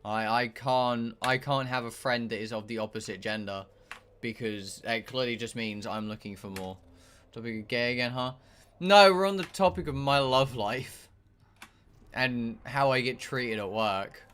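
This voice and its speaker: A man's voice: mid-range voice, moderate pace, fairly bright tone, clean tone. Ranting young man streaming games. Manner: ranting, exasperated, swears a lot. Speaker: game streamer. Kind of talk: casual chat while gaming.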